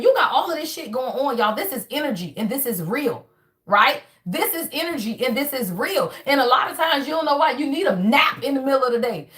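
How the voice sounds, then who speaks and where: A woman with a high voice gives a loose, preachy card reading straight to her viewers. She swears freely and jabs "y'all" onto line after line. She pushes her points in sudden emphatic bursts. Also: fairly bright tone. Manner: emphatic, profane, repeats "y'all" constantly; fast, preachy affirmations with rising bursts. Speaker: tarot reader. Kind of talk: casual spiritual reading to camera.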